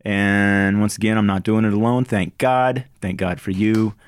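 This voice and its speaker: Male podcast host, low voice, loose and jokey, dry recording. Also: level tone, moderate pace, smooth, no room sound. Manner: chatty, joking, filler-heavy. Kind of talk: casual chat about movies.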